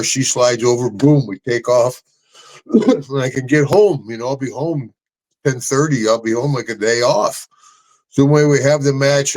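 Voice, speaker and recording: Laughing man telling road stories. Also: low-quality recording. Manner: animated storyteller who jumps high into voices for quoted people, laughing often. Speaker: podcast co-host, retired wrestler telling road stories. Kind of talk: casual storytelling chat.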